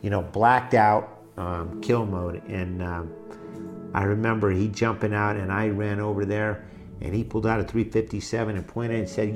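A middle-aged man telling his own life story in a halting, emotional way, with many restarts. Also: on the low side, fairly even intonation, faint music behind. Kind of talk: personal testimony.

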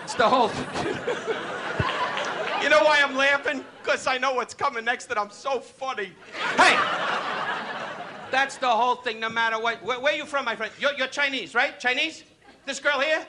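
Brash high-voiced New comic ribbing a crowd. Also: male voice, moderate pace. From New York. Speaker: comedian. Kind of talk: live stand-up insult comedy. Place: live club stage before an audience. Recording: noisy archival live recording, loud crowd laughter.

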